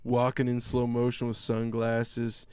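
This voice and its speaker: A podcast co-host rants sarcastically about a movie in casual chat, mocking its characters with animated impressions. His mid-range voice is a little slow, clear and resonant, with no echo in the recording.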